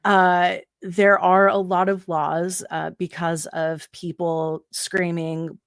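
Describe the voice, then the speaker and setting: An American woman with a fairly low voice tells a wild work story in casual talk. She swears freely and leaps up in pitch whenever she acts out what someone said. The sound is dry and close. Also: takes it slowly, clear, resonant tone, no room sound. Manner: animated, profane, acts out quotes with big pitch jumps. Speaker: guest.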